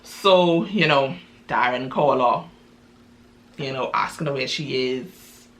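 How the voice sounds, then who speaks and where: A chatty woman telling a story in a loose, casual way, full of fillers and asides. Her voice is bright and sharp. A faint hiss runs behind her. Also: extremely low pitch, slow pace.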